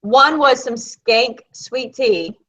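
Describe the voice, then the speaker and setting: A woman from Florida with a Southern American accent, co-hosting a casual live chat and telling stories in an animated, chatty way. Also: on the high side, takes it slowly. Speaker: co-host of a live video chat. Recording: dull lo-fi sound.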